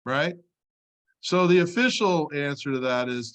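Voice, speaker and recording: A man's voice: medium pitch, normal speed, creaky, a bit bright. Man telling a sales story, casual and punchy. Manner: storytelling, says "all right" often. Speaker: insurance sales trainer. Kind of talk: casual training talk.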